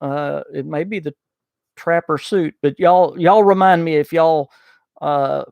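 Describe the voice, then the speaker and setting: A man's voice: fairly high pitch, unhurried, gravelly, a little mellow, no echo, studio quality. A man with a thick Southern US accent, hosting a casual livestream podcast, chatting folksily and reading viewer messages. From Southern United States. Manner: folksy, chatty, loses his train of thought with many uh fillers. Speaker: podcast host. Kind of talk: casual livestream chat reading super chats.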